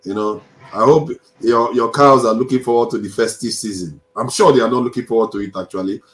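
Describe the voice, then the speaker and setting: A man hosting a livestream panel, calling on guests by name with relaxed teasing. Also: medium pitch, a little fast, roomy sound, poor audio. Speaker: host.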